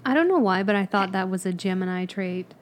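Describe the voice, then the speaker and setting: A woman co-hosting a podcast in casual chat, with dry, deadpan asides. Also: medium pitch, brisk. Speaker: podcast co-host.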